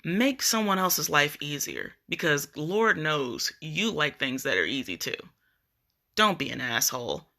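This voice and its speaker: A woman's voice: low voice, sing-song, measured pace, sharp tone. A woman vlogger ranting casually on a live video, blunt and profane as she tells her story.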